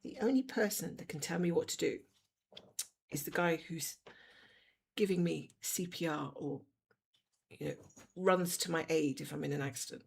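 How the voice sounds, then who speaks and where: A woman's voice: deep voice, moderate pace, creaky, pauses often, slightly rough. A middle-aged woman on a home cross-stitch livestream, chatting bluntly and fussing over her cat. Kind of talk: casual chat while stitching. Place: home room.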